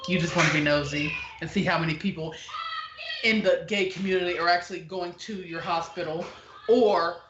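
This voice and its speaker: A woman hosting a podcast in casual, opinionated chat, blunt and animated, often acting out the people she quotes. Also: on the low side, moderate pace, noisy background. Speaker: podcast host. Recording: echoey, dull lo-fi room.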